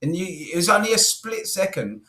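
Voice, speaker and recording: A man co-hosting a casual football chat, relaxed and sweary. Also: high-pitched, fairly quick. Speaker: co-host.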